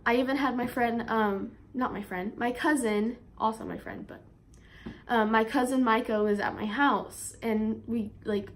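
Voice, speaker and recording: A woman's voice: a little high, slight background noise. Chatty young woman telling a story. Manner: chatty, lots of fillers; animated when quoting herself. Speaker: vlogger. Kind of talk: storytime vlog.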